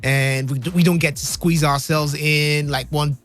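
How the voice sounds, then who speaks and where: A man hosting a radio show in an excitable, playful way, laughing often. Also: fairly high pitch, normal speed, soft background music. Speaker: radio host. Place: radio studio.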